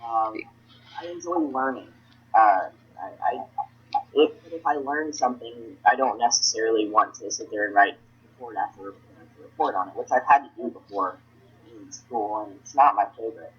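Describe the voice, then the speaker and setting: A young man, an actor, answering interview questions in a chatty way, restarting sentences and swinging his pitch up and down. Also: normal speed, husky. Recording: dull lo-fi recording.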